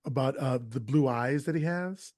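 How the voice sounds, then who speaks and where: A man's voice: medium pitch, a little mellow, no echo. Podcast host, man, mid voice, dry booth sound, chatty plot recapper. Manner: retells plot with quick acted quotes. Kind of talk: casual movie recap chat.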